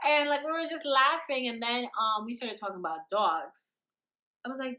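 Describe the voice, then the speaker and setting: Young woman vlogger, dramatic slangy storytelling, bright high voice. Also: moderate pace. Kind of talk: storytime vlog.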